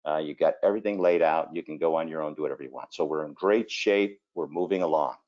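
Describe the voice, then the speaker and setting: A kitchen designer talking through a screen-share presentation, telling folksy stories and filling gaps with 'okay' and 'you know'. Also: male voice, very deep voice, quick pace, a little mellow, highs cut off. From Cleveland area, Ohio.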